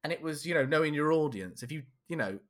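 A man co-hosting a casual podcast chat, telling stories in an animated way and keeping a polite tone. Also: a little high. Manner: animated storyteller, polite, quick to agree. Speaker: podcast co-host.

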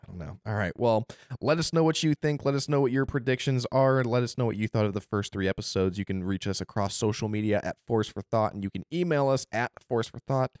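A man's voice: medium pitch, fast talker, few pauses, a little mellow, no room sound, studio quality. A man hosting a casual fan podcast, rambling and stringing thoughts together with lots of "like". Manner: rambling, many "like" fillers. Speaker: podcast host.

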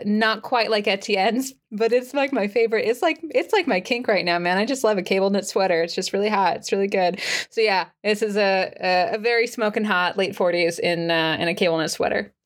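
A woman running a tabletop game as game master, chatty and giggly, with many fillers. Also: lowish voice.

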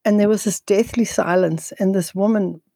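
A woman guest speaking on nutrition in an interview, telling stories in a quick, energetic way with frequent restarts. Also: mid-range voice, gravelly, dry recording. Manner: fast, energetic, with frequent restarts and repeated words. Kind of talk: conversational storytelling interview.

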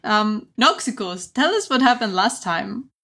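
A woman's voice: mid-range voice, big pitch swings, unhurried, sharp tone, a little hiss or hum. A woman running a tabletop horror game as game master, chatting playfully and laughing often. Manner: giggly and playful. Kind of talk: casual chat hosting a tabletop game.

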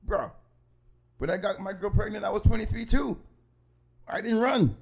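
A young man in casual podcast banter, blunt and emphatic. His voice sits a little high for a man, and he leans hard into his points with plain, forceful talk. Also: moderate pace, creaky. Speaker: podcast co-host. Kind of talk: casual chat.

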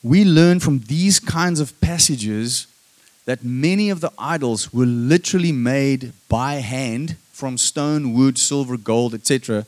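A man preaching a sermon, emphatic and calling for amens, moving between loud stressed lines and soft hushed passages. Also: medium pitch, unhurried. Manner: emphatic, calls for "Amen?" from the congregation.

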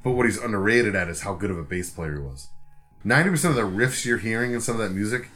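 Profane, animated male podcast storyteller. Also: lowish voice, quick pace. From Providence area, US. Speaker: podcast co-host. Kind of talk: casual storytelling chat.

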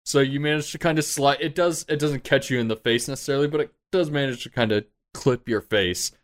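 A man narrating as game master, calling for rolls with a relaxed, easy manner. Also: mid-range voice, brisk.

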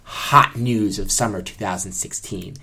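A man hosting a casual podcast, chatty and quick to laugh as he talks. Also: lowish voice, fairly even intonation, a crowd in the background. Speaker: podcast host.

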